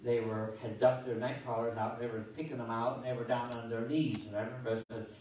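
A man's voice: medium pitch, little pitch movement, fast, darkish tone, slight background noise. A man preaching a sermon as pastor, folksy and conversational, telling stories and reading scripture with many restarts and asides. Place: church sanctuary. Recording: echoey church sanctuary from far off.

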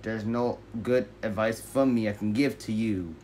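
A man's voice: on the low side, unhurried, darkish tone, a little hiss or hum, natural voice. A man voicing his own brash, combative alter ego in a self-dialogue skit, swearing and firing off rhetorical questions. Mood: mocking.

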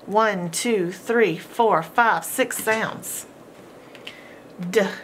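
A woman's voice: medium pitch, takes it slowly, fairly bright tone, a little hiss or hum. A woman teaching a phonics lesson, patiently sounding out letters and words and praising the learner. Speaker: homeschool teacher.

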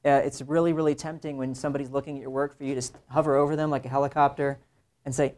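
A young man, a working illustrator, lectures a room of students in an easygoing, conversational way. He keeps things animated and now and then mimics other people's voices in quick asides. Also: medium pitch. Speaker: illustrator giving a talk to students. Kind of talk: casual classroom lecture.

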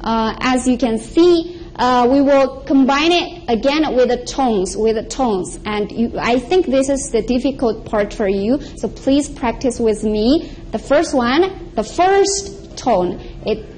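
A high-pitched woman teaches a beginner's language lesson at an unhurried, deliberate pace. She repeats each syllable several times so learners can copy her. Faint ambient noise sits under her voice. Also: a little mellow, rough recording. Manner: repeats each sound slowly and clearly for practice. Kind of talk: slow, patient language lesson. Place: TV studio.

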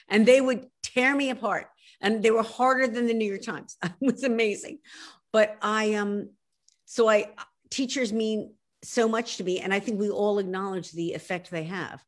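Animated Philadelphia woman author. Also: medium pitch. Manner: animated, emphatic, self-interrupting. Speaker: author guest. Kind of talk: video call interview.

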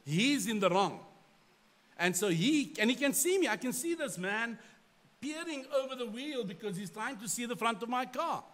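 A middle-aged man with a fairly high voice preaches a sermon. He tells a story from his own life in an animated way. He pokes fun at himself as he goes. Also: moderate pace. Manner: animated storyteller, self-deprecating. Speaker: pastor.

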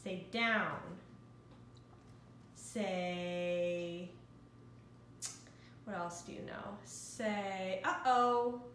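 A woman's voice: lowish voice, fairly even intonation, drawn-out words, pauses often, a bit bright. A young woman vlogging casually, coaxing her toddler in a sing-song way. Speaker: vlogger mom. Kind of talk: casual vlog chat. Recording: echoey room with faint background noise.

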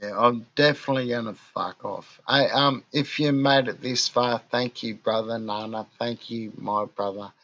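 A man's voice: mid-range voice, fairly even intonation, moderate pace, few pauses, sharp tone, dull audio. A drunk man with an Australian accent, rambling and ranting in a crude, swearing monologue for his vlog. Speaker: vlogger.

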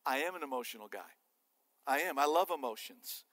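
A man preaching a sermon as pastor, animated and joking with his listeners. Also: mid-range voice, a little fast, in a large hall. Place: church sanctuary.

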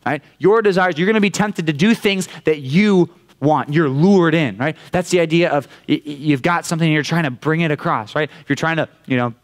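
Young californian guy doing a laid-back youth sermon, kinda high voice, keeps saying right?. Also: a little fast. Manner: conversational, keeps asking "right?". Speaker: youth pastor. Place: church youth room.

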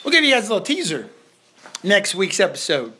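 A man in his thirties, a dad hosting a live family toy stream from home, chatting loosely with his kids and reading viewer comments fast, joking and tripping over his words. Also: high voice, sing-song, pushed and bright, husky. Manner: loose, joking, reads comments quickly and stumbles. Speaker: family channel host, dad. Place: home, indoors.

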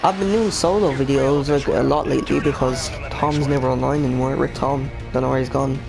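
A man with a gaming channel commentating live over a shooter match, excitable and swearing as he reacts. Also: medium pitch, fairly quick, gravelly, over music. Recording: game gunfire under the voice. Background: gunfire and explosions from the game.

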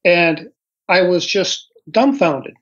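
A man in his sixties, a guest author recounting a personal experience slowly and thoughtfully, pausing often with ums and uhs. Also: high-pitched. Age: 60s. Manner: slow, reflective storytelling with frequent pauses and fillers. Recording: dull lo-fi audio.

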